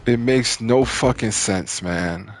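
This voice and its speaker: A man's voice: fairly low pitch, slow, a little hiss or hum. A man ranting in exasperation over his gameplay, swearing and repeating his complaints. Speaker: gaming channel host. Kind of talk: frustrated gameplay commentary.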